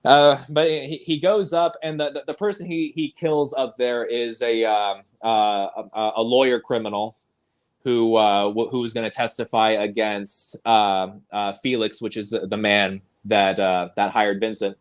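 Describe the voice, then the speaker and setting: A man's voice: on the low side, steady tone, measured pace. A man hosting a casual film discussion podcast, eagerly recapping scenes and often laughing. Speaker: podcast host.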